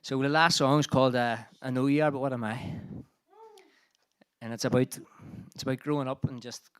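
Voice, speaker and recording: A man's voice: medium pitch, fairly even intonation, fairly quick, a bit bright, smooth. A band frontman bantering between songs at a live streamed gig, out of breath, swearing and joking at his own expense. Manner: sweary, self-mocking jokes. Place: live music venue streamed online.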